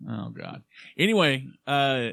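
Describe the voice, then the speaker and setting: A man's voice: mid-range voice, animated, slow pace, vocal fry, fairly bright tone, no echo, studio quality. A man from Oklahoma co-hosting a casual podcast, joking around and jumping between topics. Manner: joking, jumps between topics, puts on silly voices. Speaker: podcast co-host. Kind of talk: casual chat.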